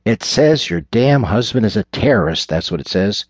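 A man's voice: lowish voice, animated, moderate pace, slightly rough, dry recording. A man voicing a furious wealthy father who blusters and swears at his daughter. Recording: dull lo-fi recording.

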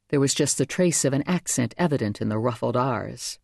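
Lively woman narrating a novel, dry studio sound. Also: a little fast, vocal fry, husky, dry recording. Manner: lively, voices characters with raised pitch. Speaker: audiobook narrator. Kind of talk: scripted narration.

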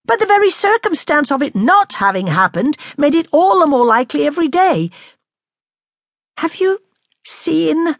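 A woman reading the part of an anxious, impulsive titled lady who talks imploringly and excitably. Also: high voice, fairly quick, hardly any pauses, dry recording, studio quality, voice pushed up. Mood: pleading. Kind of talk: audiobook character reading.

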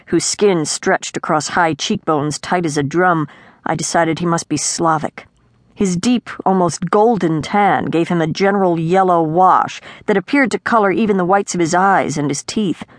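A woman narrating a novel in the first person, with a measured, wry storytelling delivery. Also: fairly low pitch, dry recording, clean studio sound. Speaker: audiobook narrator.

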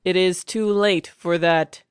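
Guy putting on a stiff robotic alien, slow and flat, kinda high voice, dry close sound. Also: clean tone, no echo. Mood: cold. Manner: slow, flat, mechanical delivery. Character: cold robotic alien being, stiff and judgmental.

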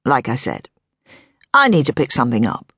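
A woman voicing a nervous young man who speaks quietly, lightly and a little hesitantly. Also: a bass voice, wildly swooping pitch, moderate pace, slightly rough, dry recording, studio quality, voice pushed down, exaggerated voice.

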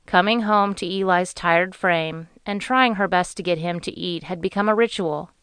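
A woman reads an audiobook in a measured, even storytelling voice, pitched on the low side. The tone is smooth and resonant, and the sound is close and dry with no room in it. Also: no echo. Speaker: audiobook narrator. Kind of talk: scripted narration.

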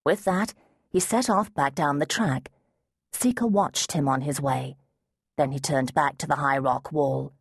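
Husky woman narrating a fantasy story. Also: low-pitched, a little slow, dry recording, clean studio sound. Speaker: audiobook narrator. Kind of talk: scripted narration.

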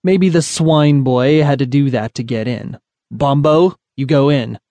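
A man voicing a rough, coarse-spoken male thug leader in an audiobook, giving orders to his gang. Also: medium pitch, unhurried, mellow, no echo, lightly acted. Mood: commanding.

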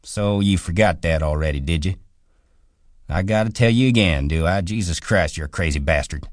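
A man voicing a small, irritable, weary ranch hand who talks gruffly and swears in exasperation, in an audiobook. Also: low-pitched, normal speed, no room sound, clean studio sound, lightly acted. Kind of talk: audiobook character voice.

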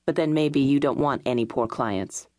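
A man's voice: mid-range voice, normal speed, darkish tone, lightly acted. A woman narrator voicing a brusque, blunt male private detective who speaks curtly. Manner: curt, abrupt, blunt.

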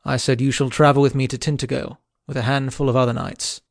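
A man's voice: mid-range voice, level tone, fast, vocal fry, no room sound, studio quality, lightly acted. A man voicing a commanding, earnest king.

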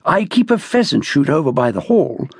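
A man's voice: a little high, big pitch swings, normal speed, vocal fry, slightly rough, no echo, studio quality, heavily acted. A man voicing an older aristocratic landowner, polite, well-spoken and eager to help.

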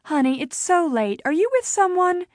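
A woman reading an audiobook voices a mother who is a therapist, speaking in a measured, soothing professional manner. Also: very high-pitched, expressive, no room sound, studio quality, voice pushed up.

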